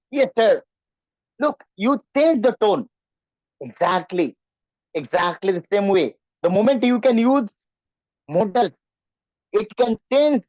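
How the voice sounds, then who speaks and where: A man's voice: high voice, darkish tone, dry recording, muffled recording. A man teaching in an online class, often asking his students questions. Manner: repetitive, questioning students, acts out nervous voices. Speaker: English teacher.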